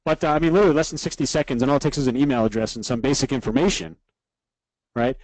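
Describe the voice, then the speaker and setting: Upbeat instructor who keeps asking "right?". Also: male voice, mid-range voice, very fast, a little mellow, dry recording, rough recording. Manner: repeats "right?" after nearly every point, upbeat and instructive; reads out viewer comments from a live chat. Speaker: online course instructor. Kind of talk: live webinar teaching.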